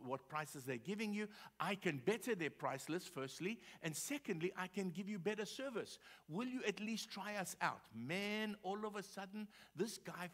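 A man's voice: a little high, a bit bright. A man preaching a sermon as pastor, telling a personal story in a conversational way with frequent repeated words. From South Africa.

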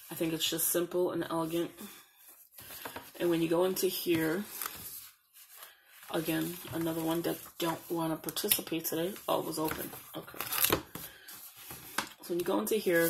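A planner vlogger casually shows off a planner on her channel, chatting and reading its printed slogans aloud as she flips the pages. Her voice is on the low side and creaky, and the rough recording carries a little hiss or hum.

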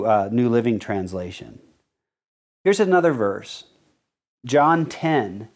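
A male pastor preaches a sermon, earnestly teaching as he explains verses and reads scripture slowly, stressing key words. His voice is mid-range with a darkish tone.

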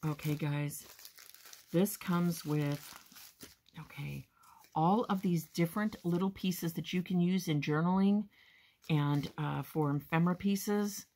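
A woman hosting a crafting haul video, chatting casually and gushing with excitement, often calling her viewers "guys". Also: on the low side, slow pace. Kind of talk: casual show-and-tell haul chat.

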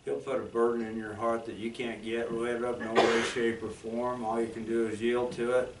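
Guy preaching a sermon, folksy and excitable, echoey church hall, mic a bit far off. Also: mid-range voice, normal speed, vocal fry, a little hiss or hum. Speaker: guest speaker.

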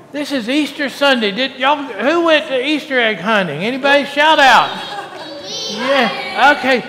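A man's voice: very high-pitched, bright, forceful tone, long reverb tail. A male pastor giving a coaxing, call-and-response children's sermon in a church. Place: church sanctuary.

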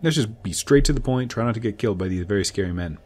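A man's voice: lowish voice, expressive, fast talker, a little mellow, husky. A man giving casual, joking commentary while playing a video game. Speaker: let's play host. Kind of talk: gameplay commentary.

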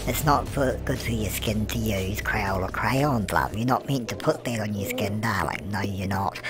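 A man's voice: on the low side, measured pace, close to an everyday voice. A man voicing a chatty elderly grandmother who comments on a life-sim game, cooing "love" at everyone and answering her own questions. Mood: gossipy. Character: chatty elderly British grandmother, fussing and cheeky. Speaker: gameplay commentator. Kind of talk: comic let's-play commentary in character. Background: background music.

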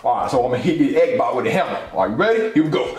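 A man's voice: mid-range voice, sing-song, rapid-fire, darkish tone, natural voice. A man voicing a greedy, scheming young boy who talks in a bossy, slangy, conniving way. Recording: echoey room.

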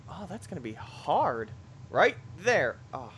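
Young male let's player, lively and loud in his reactions, fairly high voice. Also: slow pace, husky. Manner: loud, jumpy reactions with shouts and laughs. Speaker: gameplay commentator. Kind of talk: excitable let's play commentary.

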